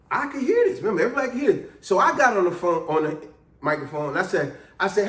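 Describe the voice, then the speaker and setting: A man telling a story in a casual, animated, chatty way. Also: sits high, fast talker, roomy sound.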